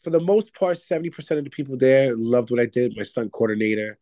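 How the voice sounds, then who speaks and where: A man's voice: mid-range voice, animated, fast talker, dark tone, no room sound. A man from Puerto Rico, an actor and comedian, chatting loosely in an interview, full of restarts and "you know.". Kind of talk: casual interview chat.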